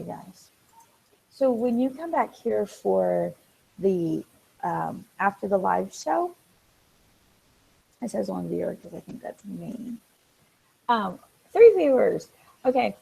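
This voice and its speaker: A woman hosting a casual live stream, chatting excitedly with viewers, reading out their comments and filling pauses with ums and restarts. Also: lowish voice, vocal fry, husky, low-quality recording. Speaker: livestream host.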